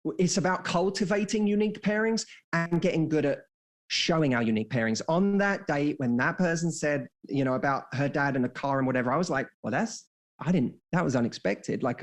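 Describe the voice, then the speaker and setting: A man in his thirties, a dating coach on a podcast, explaining ideas through stories and acting out quoted dialogue. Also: fairly high pitch. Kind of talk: casual podcast conversation.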